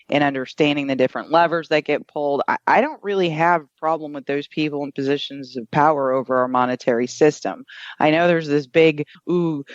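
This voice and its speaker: A man's voice: on the high side, dry recording, highs cut off. A man co-hosting a talk radio show, speaking in an earnest, conversational way. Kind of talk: casual political talk radio banter.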